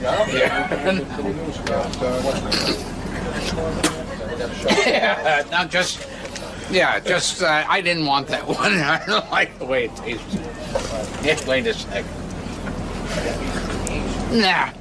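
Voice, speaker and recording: Slow giggly man, noisy background. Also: a little high, animated, a loud crowd. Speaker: show guest. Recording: loud background noise.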